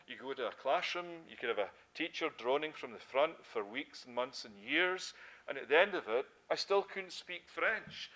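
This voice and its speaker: A man's voice: medium pitch, lively intonation, normal speed, sharp tone. A middle-aged Scottish man preaching a sermon, emphatic, who asks questions and answers them himself. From Scotland.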